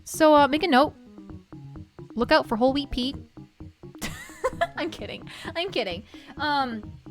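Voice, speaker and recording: A bubbly young woman streams, chatting casually with her chat in a high, lively voice that bounces all over. She piles up quick repeated yeahs. Music plays clearly in the background of the stream. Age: young adult. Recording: stream with music playing behind.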